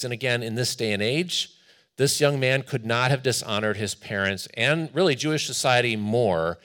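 A man preacher reading scripture and explaining it in a conversational, expressive sermon with asides. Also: mid-range voice.

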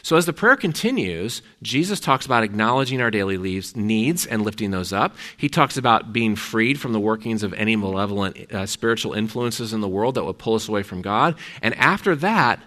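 A man's voice: lowish voice, expressive, brisk, hardly any pauses, pushed and bright. A middle-aged man, a pastor, giving a conversational sermon, telling stories from his week. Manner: conversational, storytelling.

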